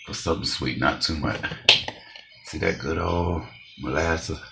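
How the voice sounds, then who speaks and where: A man's voice: very deep voice, measured pace, noisy background. A man hosting a home cooking show, chatting bluntly and straight to viewers as he tastes his food. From Detroit, USA. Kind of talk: casual cooking vlog with tasting.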